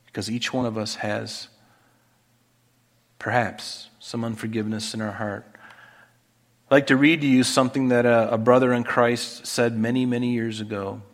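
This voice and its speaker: A male pastor delivering a sermon in a steady middle-pitched voice. He is earnest and pleading, and he swells louder when reading scripture. A long reverb trails each phrase, as in a large hall. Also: normal speed, long pauses. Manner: earnest preaching, rising loud and high reading scripture.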